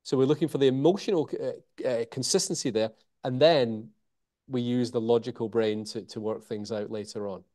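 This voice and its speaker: Animated man explaining with pauses. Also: mid-range voice. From Scotland. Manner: animated, varies pace and pauses for emphasis. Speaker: communication author and trainer. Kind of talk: interview guest explaining techniques.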